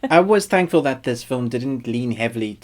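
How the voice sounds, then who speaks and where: Rambling, relaxed film review host. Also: male voice, medium pitch, normal speed. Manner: relaxed, rambling, with many fillers. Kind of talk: casual review chat.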